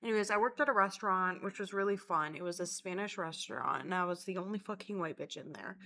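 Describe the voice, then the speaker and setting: A woman's voice: on the low side, fast talker, sharp tone. A young woman from Florida rambling through a casual storytime vlog, chatty and self-mocking, swearing constantly. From Florida, USA. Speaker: vlogger.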